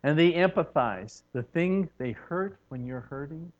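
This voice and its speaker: A man teaching in church, who often acts out what people say in soft, hushed voices. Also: a little high, expressive, unhurried. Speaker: preacher. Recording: dull lo-fi recording.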